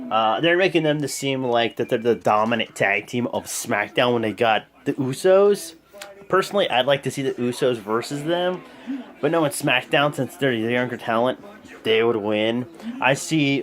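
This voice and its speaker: A young man giving a rambling, casual video recap of a wrestling show at home, full of fillers. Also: mid-range voice. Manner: rambling, animated, lots of fillers. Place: home room with a TV.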